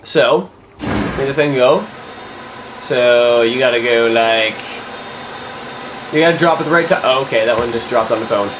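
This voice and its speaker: A man's voice: mid-range voice, normal speed, long pauses, background noise. A young man giving casual let's-play commentary, muttering to himself and swearing often in frustration. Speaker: gaming commentator.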